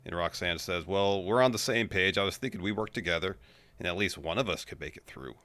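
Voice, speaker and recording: A man with a low but bright, forceful voice recaps wrestling matches on a casual podcast. He moves through the action in steady play-by-play, recorded dry and close. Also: brisk, no room sound. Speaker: podcast co-host.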